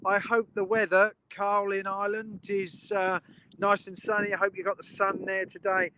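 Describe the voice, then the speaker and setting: A man's voice: sits high, little pitch movement, normal speed, sharp tone, a little hiss or hum, poor audio. A man streaming live from beside a railway line outdoors, chatting enthusiastically with his viewers. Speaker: train spotting live streamer. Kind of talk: casual live-stream commentary.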